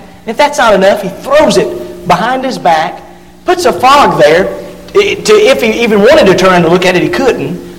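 A man preaching a sermon and reading scripture aloud, leaning hard on key words and drawing some of them out slowly. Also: high-pitched. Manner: emphatic, drawn-out stresses on key words. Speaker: pastor. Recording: long hall reverb.

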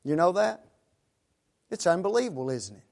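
A man with a notably high-pitched voice preaches a sermon to his congregation. He keeps turning to his listeners as folks and caps his points with rhetorical questions. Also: very animated, normal speed, gravelly, darkish tone.

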